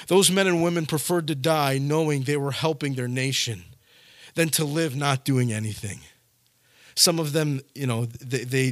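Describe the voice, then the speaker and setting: A man preaching a sermon to his congregation, telling stories and acting out the scenes with sudden loud shouts. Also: mid-range voice, dry recording, clean studio sound. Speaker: pastor.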